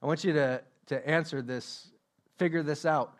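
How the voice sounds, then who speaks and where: A man's voice: on the high side, fairly even intonation, normal speed. A man preaching a sermon as pastor, emphatic, repeating his questions and joking about himself. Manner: self-deprecating humor.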